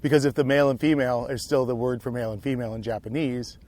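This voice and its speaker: A man's voice: mid-range voice, fairly even intonation, very fast, a little mellow. A man co-hosting a podcast, rambling and musing aloud in casual chat while hiking outdoors on a trail. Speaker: podcast co-host.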